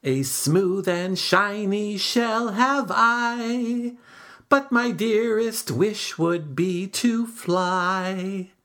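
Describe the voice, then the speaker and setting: A woman voicing a chatty, boastful male turtle in a storybook, with high wailing pleas and a slow sing-song. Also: fairly bright tone, soft background music. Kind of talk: storybook read-aloud.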